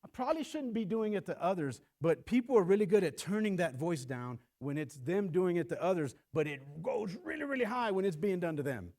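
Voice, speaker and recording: Lively man preaching a sermon. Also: high-pitched, a little fast, few pauses. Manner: animated preaching, acts out voices; repeats words when starting a thought. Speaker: pastor.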